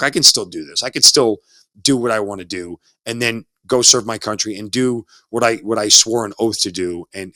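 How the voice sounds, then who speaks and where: A former Army officer in his forties, appearing as an interview guest, tells his story conversationally in a lowish, sharp-toned voice with no room sound. He's reflective and tends to repeat words as he restarts.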